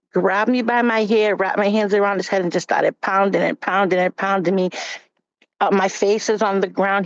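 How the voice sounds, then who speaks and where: A woman's voice: medium pitch, dry recording. A woman giving a candid, blunt personal testimony as a panel guest. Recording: dull, dry recording.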